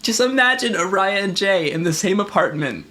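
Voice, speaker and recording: A man's voice: high-pitched, lively intonation, moderate pace, pushed and bright, a little hiss or hum. A man co-hosting a podcast in casual chat, teasing his partner and laughing often. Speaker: podcast co-host.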